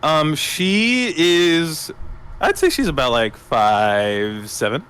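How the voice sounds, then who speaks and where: A man's voice: fairly high pitch, takes it slowly, a bit bright, clean tone, poor audio. A man running a tabletop role-playing game as game master, describing characters in a rambling way with many fillers. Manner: rambling, filler-heavy, laughing.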